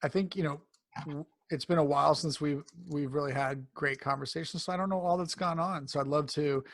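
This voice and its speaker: Gravelly man coaching in rambling talk. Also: on the high side, steady tone, a little fast, dry recording. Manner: rambling, many fillers and restarts; grows emphatic and enthusiastic when praising. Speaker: cancer coach. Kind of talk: conversational interview.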